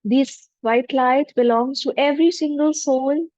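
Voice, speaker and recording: A woman, a spiritual teacher leading a guided forgiveness meditation in a gentle, humble voice with repeated affirmations. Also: high-pitched, unhurried, no echo. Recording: dull lo-fi dry recording.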